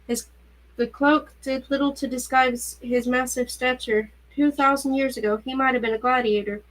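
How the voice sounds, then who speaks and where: A woman reading a novel aloud in a steady, even narrating voice. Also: high-pitched, normal speed, rough recording. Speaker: reader. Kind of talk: audiobook-style novel reading.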